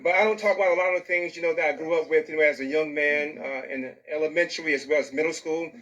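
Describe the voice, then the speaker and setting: A man's voice: on the high side, fast talker, fairly bright tone, highs cut off. A man, a host and teacher, who talks in affirming, rambling sentences. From rural American South. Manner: affirming, answers with "amen", rambling. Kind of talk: interview hosting.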